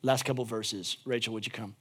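A man preaching a sermon as pastor, moving between shouted fervor and quiet, intimate appeals, with phrases repeated for emphasis. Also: fairly low pitch, fairly even intonation, fairly quick, breathy edge.

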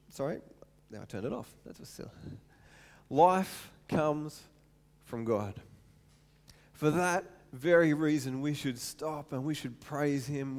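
A man in his thirties preaching a sermon to his church, animated and repeating words for emphasis. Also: a little high. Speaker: pastor. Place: church hall.

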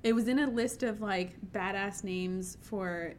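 A woman's voice: mid-range voice, measured pace, a little hiss or hum. A woman co-hosting a podcast, telling a story and reading aloud in an upbeat, casual way. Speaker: podcast co-host.

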